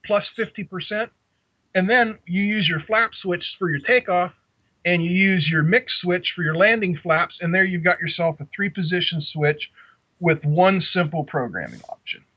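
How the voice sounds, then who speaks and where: A man's voice: sits high, normal speed, husky, no room sound, highs cut off. A man with a Pittsburgh accent, a guest on a casual podcast, walking through radio transmitter settings step by step. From Pittsburgh area, USA. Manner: explains radio programming steps in detail.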